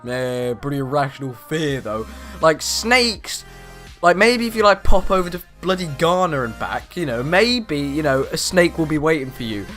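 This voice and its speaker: Bright-voiced teen boy rambling. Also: on the high side, moderate pace, faint music behind. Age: teenager. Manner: rambling, animated and exaggerating with slang. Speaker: vlogger. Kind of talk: casual chat. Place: bedroom.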